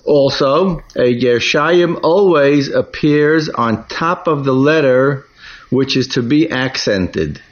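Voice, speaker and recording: Slow, careful male Torah reading teacher. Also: mid-range voice. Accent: Ashkenazi Hebrew pronunciation. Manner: careful, deliberate, sounds out words syllable by syllable. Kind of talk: slow explanatory lesson on Hebrew cantillation. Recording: dull lo-fi recording.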